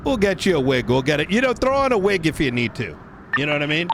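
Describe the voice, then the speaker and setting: A man's voice: on the high side, quick pace. Chill guy teaching cop trainees in a roleplay, lots of ums, noisy background. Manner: casual, relaxed, filler-heavy. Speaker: police academy instructor in a roleplay game. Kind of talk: briefing trainees in a game roleplay.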